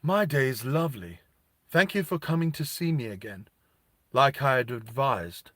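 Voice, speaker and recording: A man voicing a cold, snarky male humanoid official in a told story, with slow, measured, flat delivery. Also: mid-range voice, no echo.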